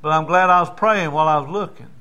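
A man's voice: on the high side, fast, bright, forceful tone, clear, resonant tone. An older man, a pastor preaching in a folksy storytelling way, dropping into dialect. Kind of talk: sermon.

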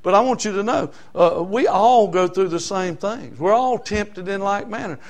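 Male pastor, high-pitched, fiery sermon delivery with hushed storytelling. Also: moderate pace. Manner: impassioned preaching, swinging from hushed storytelling to shouting.

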